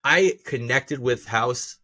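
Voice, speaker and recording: A man co-hosting a casual podcast from home, who laughs a lot and gets animated while retelling jokes. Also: mid-range voice, slow, no echo. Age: adult parent. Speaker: podcast co-host. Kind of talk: casual chat. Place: home room. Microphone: camera and mic at home.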